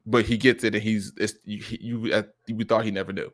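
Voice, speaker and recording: A man in a casual, heartfelt chat, talking with lively emotion and frequent restarts. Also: lowish voice, a little fast. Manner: animated, emotional, lots of restarts and quoted dialogue. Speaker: streamer.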